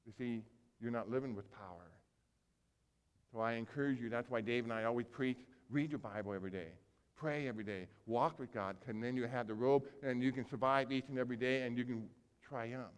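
Animated preacher in a reverberant hall. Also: male voice, mid-range voice, a little fast, smooth. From grew up on a small farm. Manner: animated storytelling, acting out characters with big swings in volume. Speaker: pastor. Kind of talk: sermon. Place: church sanctuary.

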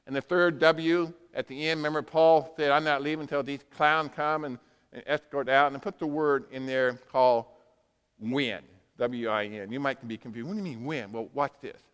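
A male pastor preaching a sermon, moving between quiet asides and loud, emphatic bursts. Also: a little high, fairly even intonation, moderate pace, clean tone. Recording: long hall reverb.

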